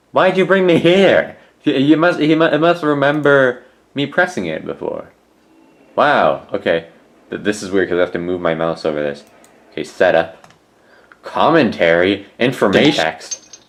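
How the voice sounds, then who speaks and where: A man chatting casually at home as he reviews an old TV story, rambling and full of restarts. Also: sits low. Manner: swaps swear words for mild substitutes. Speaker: classic TV reviewer. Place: at home, indoors.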